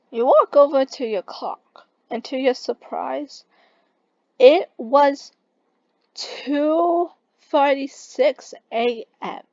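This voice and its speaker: Slow, halting woman reading a story. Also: high voice, a little mellow, dry recording, lo-fi sound. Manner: halting, stumbling reading with restarts. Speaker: story reader. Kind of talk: reading a second-person fan story aloud.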